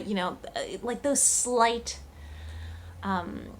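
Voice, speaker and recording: A woman's voice: medium pitch, moderate pace. A woman talking casually to camera in a vlog, thinking aloud with lots of fillers and restarts. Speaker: cooking channel host.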